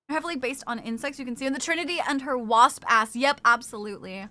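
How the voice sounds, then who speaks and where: A young woman streaming from home, chatting casually with viewers in a bubbly, excited way while snacking on crackers. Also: high-pitched, fast talker, hardly any pauses.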